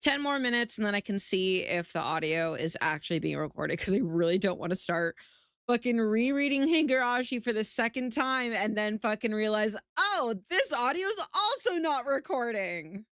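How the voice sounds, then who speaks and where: A woman's voice: mid-range voice, animated, brisk, clean tone, dry recording, studio quality. Drowsy, swearing woman streamer. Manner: chatty, swears freely, laughs often. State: sleepy, yawning. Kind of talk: casual chat.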